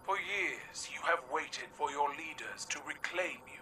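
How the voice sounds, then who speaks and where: An imperious alien warlord for a video game, who speaks in slow, bright, commanding oratory. He sounds distant, over a faint ambient hum. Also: fairly high pitch. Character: imperious alien warlord rallying his armies.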